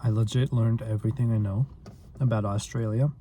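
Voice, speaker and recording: A man's voice: lowish voice, fairly even intonation, a little fast, warm tone, slight background noise. A man vlogging in a rambling, self-deprecating casual chat, full of filler words.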